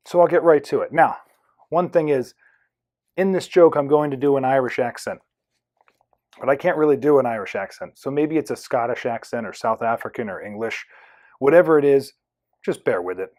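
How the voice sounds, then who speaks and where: A man's voice: medium pitch, a little mellow. A man hosting a solo podcast, telling a story and earnest lesson. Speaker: podcast host.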